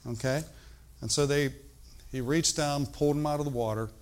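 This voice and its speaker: An older man preaching a sermon, animated and emphatic, moving between loud outbursts and hushed, slow emphasis. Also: a little high, clean tone.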